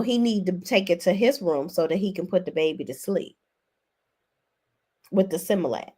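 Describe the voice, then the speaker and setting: A woman hosting a casual reality TV recap, sassy and expressive, laughing often, with big swings in pitch. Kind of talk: casual commentary with live chat.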